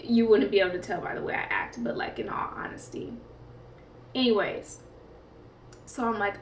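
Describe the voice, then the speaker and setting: A woman's voice: medium pitch, fairly bright tone, slight background noise. A woman vlogger telling a story in a rambling, chatty way, full of fillers and laughs. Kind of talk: casual storytime. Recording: echoey room, mic at a distance.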